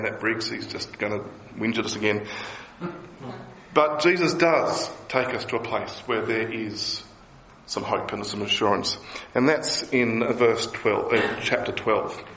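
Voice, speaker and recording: A man preaching a sermon as pastor, lively and emphatic. He voices the people he quotes with a rising pitch. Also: reverberant, slight background noise, low-quality recording.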